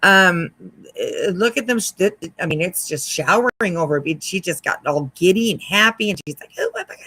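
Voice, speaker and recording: A commentary host talking wryly over a livestream, hesitant with many pauses and restarts. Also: medium pitch, bright, forceful tone, slightly rough, no room sound, poor audio.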